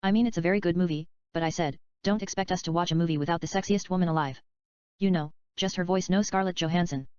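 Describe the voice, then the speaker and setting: A woman's voice: on the low side, fast, darkish tone, clean tone, dry recording, lightly acted. Adrian, a woman reading the lines of a rambling male screenwriter. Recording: dull, slightly lo-fi dry recording.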